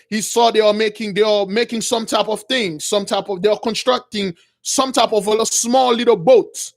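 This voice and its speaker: A man with a notably high voice tells a dramatic religious story off the cuff. He stumbles, restarts and repeats himself as he works through the scenes, but stays earnest throughout. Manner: halting, with many restarts and repeated words. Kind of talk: unscripted retelling of a vision.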